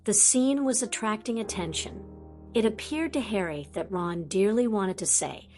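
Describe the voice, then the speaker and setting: Slow-reading woman audiobook narrator. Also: mid-range voice, animated, a little mellow, faint music behind. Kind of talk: fan fiction audiobook narration.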